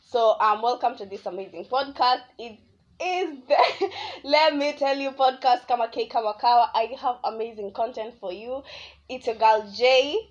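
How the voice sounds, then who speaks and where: Young Kenyan woman, podcast host, rambling storyteller, fairly high voice, dull lo-fi sound. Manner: rambling, animated, switching between English and Swahili slang. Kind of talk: casual solo podcast storytelling. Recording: dull lo-fi audio.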